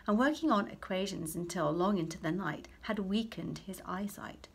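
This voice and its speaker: A woman, a primary school teacher, reading a children's story aloud to her class with expressive delivery. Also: lowish voice, vocal fry, breathy edge.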